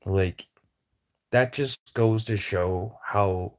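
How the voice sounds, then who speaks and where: A man's voice: on the low side, extremely slow, darkish tone, smooth. A man livestreaming a casual, rambling chat with viewers over a phone, talking in a blunt, profane way.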